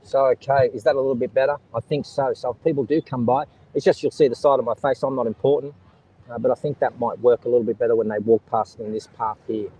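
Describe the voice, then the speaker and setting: A man's voice: mid-range voice, fairly even intonation, fast, mellow, breathy edge, poor audio. An Australian man hosting an outdoor live stream on a beach, talking straight to his viewers and sharing firm opinions in casual commentary. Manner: opinionated, talks straight to viewers and reads out chat.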